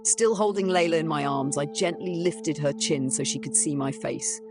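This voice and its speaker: Woman narrating a sad ghost story, bit gravelly, music behind. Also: low-pitched, normal speed. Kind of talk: scripted first-person horror narration.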